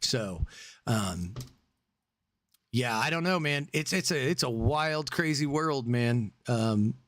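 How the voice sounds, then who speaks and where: A man co-hosting a podcast in casual chat, rambling and opinionated, breaking into loud laughter. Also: medium pitch, expressive, slow pace. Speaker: podcast co-host.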